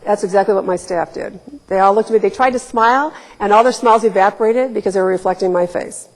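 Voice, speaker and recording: A woman's voice: mid-range voice, fast. A woman in her forties from Ohio, telling candid, wry stories at a public talk. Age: 40s. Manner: candid, wry storytelling with emphatic quoted asides. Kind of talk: storytelling talk. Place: lecture hall. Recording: reverberant lecture hall.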